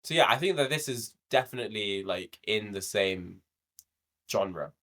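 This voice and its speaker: A man's voice: on the low side, expressive, a little slow, a bit bright. A young man co-hosting a podcast, chatting casually about a show, laughing often and swearing freely. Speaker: podcast co-host. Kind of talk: casual review chat.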